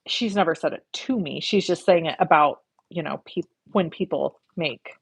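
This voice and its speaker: This woman's voice is low and creaky with a breathy edge, recorded with no room sound. As she makes cards on a livestream, she chats casually with her viewers, reads their comments aloud, and cusses a bit.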